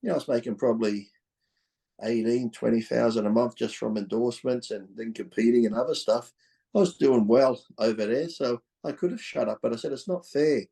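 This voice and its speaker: A man's voice: mid-range voice, vocal fry, warm tone. A middle-aged Australian man telling stories as a podcast guest, in a blunt, fired-up way with swearing and laughs between points. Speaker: podcast guest, former pro bodybuilder. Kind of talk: candid storytelling in conversation.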